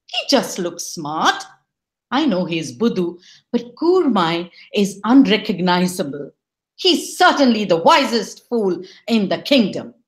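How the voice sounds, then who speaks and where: A woman's voice: mid-range voice, very animated, takes it slowly. A woman voicing an old king who gives his judgement in a matter-of-fact way. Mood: amused.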